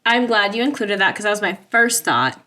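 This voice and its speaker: A woman co-hosting a podcast, chatting casually and reacting quickly to her partner. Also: medium pitch, big pitch swings, bright, forceful tone. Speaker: podcast co-host. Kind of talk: casual chat.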